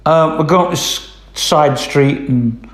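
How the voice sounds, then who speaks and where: Slow rambling man telling a story. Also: fairly high pitch, echoey room. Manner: rambling, lots of ums and "I says". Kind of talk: casual spoken anecdote.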